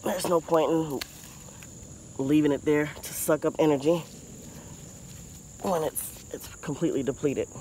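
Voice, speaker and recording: Vlogging casually outdoors in his home garden, a man vents his frustration and discouragement over garden pests. His voice is medium-pitched and darkish, with a little hiss or hum, while insects and outdoor ambience fill the background.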